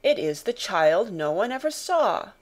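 A large, weary army officer read by a woman narrator exclaims in an audiobook. He sounds shocked and troubled and speaks in quick outbursts. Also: medium pitch, very animated, creaky. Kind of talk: audiobook character reading.

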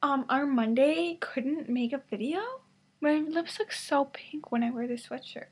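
A woman's voice: high voice, a little slow, a little mellow. A woman talking casually to her webcam from her bedroom, rambling with lots of fillers and sometimes dropping to a whisper. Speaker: vlogger in a collab channel.

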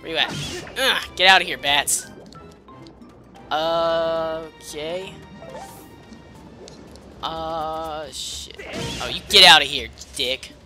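A woman's voice: sits low, very slow, pauses often, bright, forceful tone, soft background music. A woman giving casual, profane gameplay commentary, muttering and sarcastic as she plays. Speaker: let's play host.

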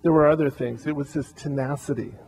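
A man speaking as a pastor at a memorial service, giving a heartfelt eulogy with frequent halting restarts. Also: on the high side, steady tone, gravelly, darkish tone, husky, low-quality recording.

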